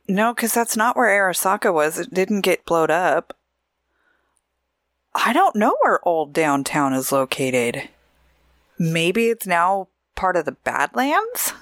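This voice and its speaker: A woman's voice: low-pitched, no room sound, clean studio sound. A woman from Oregon co-hosting a podcast in casual, chatty talk, laughing often. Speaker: podcast co-host.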